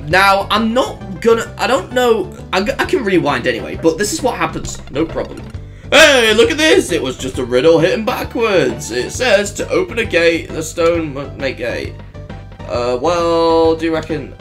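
Excitable man commentating a game. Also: on the high side, moderate pace. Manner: excitable, yelps and strings of "no". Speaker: gameplay commentator. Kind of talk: let's play commentary. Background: faint game music.

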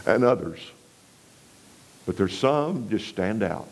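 Folksy preacher telling a story. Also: male voice, lively intonation, takes it slowly, poor audio. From West Texas. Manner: folksy, drops low and quiet for emphasis; rises and presses when preaching scripture. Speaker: revival preacher. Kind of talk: storytelling sermon.

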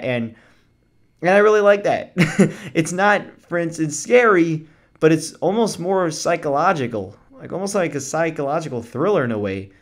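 Guy doing a loose, chatty video review; mid-pitched, trips over his words and laughs along. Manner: rambling, self-correcting, chuckles often. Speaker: movie reviewer.

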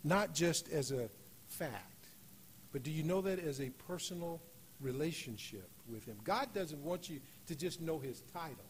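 High-voiced man preaching a sermon. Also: animated, a little hiss or hum. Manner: builds to loud emphatic peaks, slows on key phrases. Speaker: guest preacher. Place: church sanctuary.

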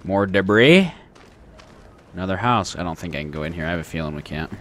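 Animated man chatting through a horror game. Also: sits low, fairly quick, background noise. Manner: chatty, talks to the game characters. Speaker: gaming channel host. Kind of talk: let's play commentary.

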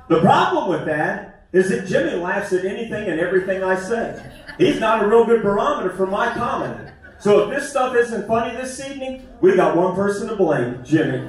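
Echoey man doing stand-up. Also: sits high. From West Virginia. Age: 50s. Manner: folksy, self-deprecating, conversational. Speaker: stand-up comedian. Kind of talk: stand-up comedy set. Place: small theater stage. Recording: echoey theater, mic far off. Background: audience laughter.

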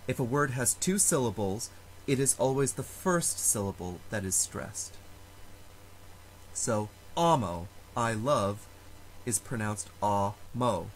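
A man teaching a Latin lesson, explaining stress rules slowly and carefully and sounding out example words. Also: medium pitch, animated, slight background noise, rough recording. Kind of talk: recorded lecture.

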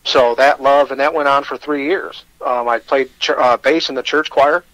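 A man's voice: mid-range voice, fairly even intonation, moderate pace, fairly bright tone, no room sound, low-quality recording. A man with a Michigan accent, telling his personal story as a radio guest, candid and self-deprecating, with hesitant restarts.

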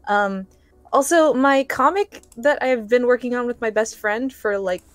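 A woman's voice: fairly high pitch, measured pace, no echo. A woman guest on a casual livestream, chatting with giggles about her own projects. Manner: chatty, giggly, earnest self-promotion. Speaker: stream guest.

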